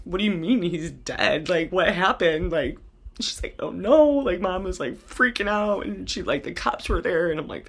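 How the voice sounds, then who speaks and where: A woman's voice: lowish voice, a bit bright, breathy edge. A woman host telling a personal story from memory in a rambling, casual way, with constant "like" and frequent restarts. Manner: rambling, heavy use of "like", restarts, occasional swearing.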